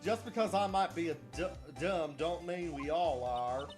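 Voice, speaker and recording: A man voicing a feisty Southern country woman photographer in a put-on Southern drawl, loud and sassy. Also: fairly high pitch, animated, moderate pace, music in the background, voice pushed up, close to an everyday voice. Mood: defensive. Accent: put-on American Southern drawl.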